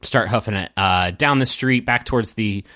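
A man's voice: lowish voice, moderate pace, bright, forceful tone, dry recording, clean studio sound. A man narrating a tabletop game as game master, rambling with lots of fillers.

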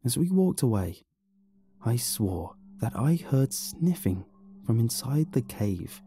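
A man narrating a horror story in an expressive, dramatic reading. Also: medium pitch, takes it slowly. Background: faint music.

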